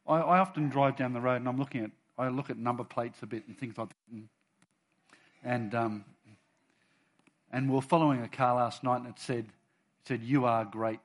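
Man preaching a lively sermon. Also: mid-range voice. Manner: swings between soft asides and loud bold scripture.

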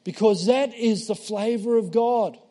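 Male preacher, lively sermon. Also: high voice, unhurried. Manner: conversational storytelling, acting out voices, swinging loud and soft. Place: church.

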